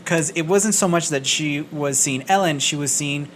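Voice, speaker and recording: Animated, swearing male podcast co-host. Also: a little high, normal speed, slight background noise. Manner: animated storyteller, swears, acts out quotes. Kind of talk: casual chat. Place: small recording studio.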